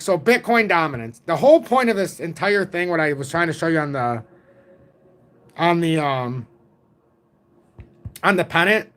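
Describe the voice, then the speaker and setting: A man in his forties hosting a casual livestream about crypto charts, talking in an excitable, rambling way from home. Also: high-pitched. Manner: rambling, excitable, self-taught trader talk.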